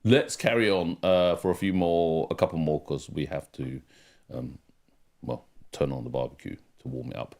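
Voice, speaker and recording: A man's voice: extremely low pitch, fairly even intonation, moderate pace, a little mellow. A man co-hosting a music livestream, reading out the chat in a rambling, casual way with lots of fillers. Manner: chatty, rambling, with many fillers. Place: home during a music livestream.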